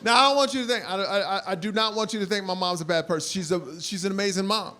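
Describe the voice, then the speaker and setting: A man in his forties performing stand-up on stage in front of a live audience, telling stories animatedly and bursting into loud impressions. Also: sits high, quick pace. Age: 40s. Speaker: stand-up comedian. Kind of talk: stand-up comedy.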